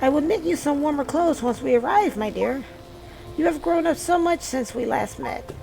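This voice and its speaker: Brief: woman playing a sweet old knitting granny, high and lilting with a slight gravel, over game music. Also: animated, moderate pace, rough recording. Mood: doting. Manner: sweet, doting. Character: kindly old grandmotherly woman who knits. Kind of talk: reading game dialogue aloud.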